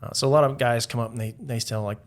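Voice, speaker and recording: A man's voice: medium pitch, steady tone, fast talker, a little hiss or hum. A man, a guest on a podcast, telling stories casually with many filler words and a chuckle now and then. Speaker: podcast guest, Navy veteran. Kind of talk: casual storytelling interview.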